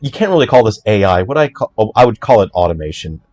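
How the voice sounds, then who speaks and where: A man, an indie game developer, talking through his code in a casual walkthrough, chatty and joking with quick asides. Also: on the low side, very animated, darkish tone. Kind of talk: casual livestream coding walkthrough.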